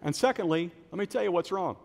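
With a high-sitting voice, fast delivery and vocal fry, a middle-aged pastor tells animated stories during a sermon, performing the voices of the people he quotes. Long hall reverb fills the church auditorium.

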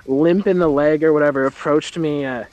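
A man's voice: a little high, fairly even intonation, moderate pace, darkish tone, dry recording, faint music behind, low-quality recording. Stammering man telling a story. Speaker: guest. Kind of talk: casual chat, telling anecdotes.

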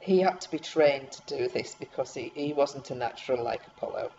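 A woman's voice: a bass voice, brisk, a little mellow, lo-fi sound, slight background noise. A woman, a horse owner, narrating her own video in a joking, chatty way. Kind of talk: casual narration over video.

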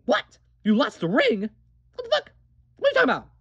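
A performer voicing a blunt, snarky young woman who teases her friend crudely and deadpan in an amateur animated drama. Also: medium pitch, brisk, no echo, dull audio.

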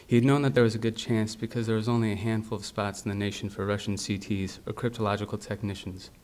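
A man from the United States reading his own literary fiction aloud in a steady, measured way. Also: fairly low pitch. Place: university library event.

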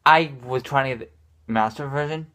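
A man's voice: mid-range voice, normal speed, noisy background. A man ranting casually to his viewers, frustrated and swearing often, restarting his sentences. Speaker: gaming vlogger.

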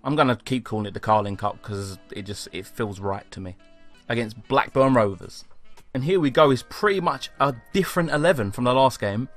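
A young man commentating on his own football video game, excitable and swearing, shouting at his players. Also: mid-range voice. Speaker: gaming commentator.

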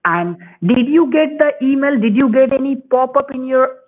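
A woman's voice: high voice, normal speed, narrow, tinny audio. A woman scamming over the phone, pushy and repetitive, with broken English. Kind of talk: phone call.

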